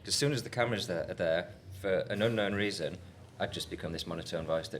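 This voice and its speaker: A man's voice: on the low side, animated, brisk, hardly any pauses. A man co-hosting a live podcast, chatty and self-deprecating. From Yorkshire, England. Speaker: podcast co-host. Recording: faint ambient noise, live event.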